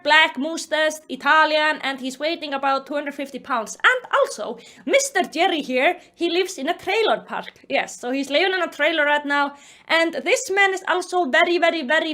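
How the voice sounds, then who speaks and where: A woman doing a sarcastic, animated book review commentary with mocking, exasperated outbursts. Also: extremely high pitch.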